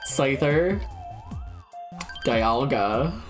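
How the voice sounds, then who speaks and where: A young woman with a strikingly deep, low voice talks slowly through a game on stream, throwing out guesses and cursing freely. She laughs at her own mistakes, and faint game music plays quietly underneath. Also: lively intonation. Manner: profane, blurts out guesses, laughs at herself. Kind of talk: casual gameplay commentary.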